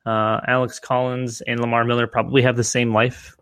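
Male podcast co-host, casual rambling delivery, middle pitch, dry close mic. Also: flat delivery, brisk, fairly bright tone, smooth, no echo. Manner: rambling, many restarts and fillers. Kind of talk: casual fantasy football discussion.

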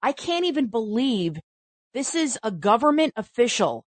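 A woman's voice: on the high side, very animated, moderate pace, dry recording. Radio news lady, sarcastic and indignant, dry close mic.

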